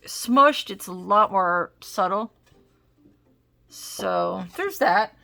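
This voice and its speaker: A woman's voice: mid-range voice, animated, drawn-out words, vocal fry, bright, forceful tone. A woman hosting a casual art supplies demo at home, chatting and rambling as she tries crayons. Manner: chatty, rambling, self-interrupting. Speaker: art supplies video host. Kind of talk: casual crafting demo talk. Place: home craft desk.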